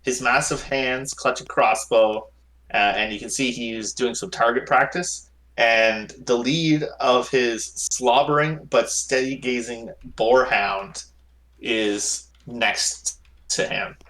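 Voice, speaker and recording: A man narrating a tabletop game as game master, halting with many fillers. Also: mid-range voice, fairly bright tone, rough recording.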